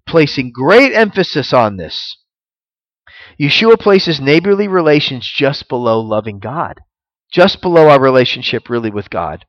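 A man's voice: mid-range voice, lively intonation, normal speed, dry recording, lo-fi sound. A man preaching a sermon in an earnest teaching manner, reading scripture aloud and rising when he stresses a point. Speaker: pastor.

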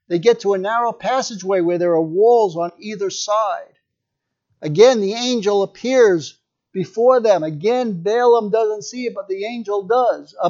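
Preacher, male, high voice, chatty storytelling sermon, muffled lo-fi recording. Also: darkish tone. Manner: storytelling, conversational asides.

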